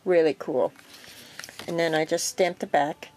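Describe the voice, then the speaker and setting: Relaxed woman showing her crafts. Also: sits low, a little slow, a little hiss or hum. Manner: relaxed, rambling with many ums and self-corrections. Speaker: craft vlogger. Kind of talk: casual show-and-tell.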